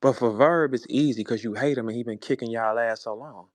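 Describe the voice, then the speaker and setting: Over a phone in an online audio room, a rapper from St. Louis in his forties unleashes a confrontational, profane rant. His pitch is medium, his pace a little fast, and there's no echo.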